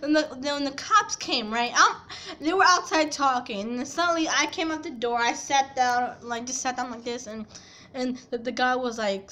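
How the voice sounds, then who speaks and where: Upset young woman ranting, slow talker. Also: fairly high pitch. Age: young adult. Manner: rambling, upset, swings from quiet to loud and angry. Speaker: vlogger telling a personal story. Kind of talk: casual storytime.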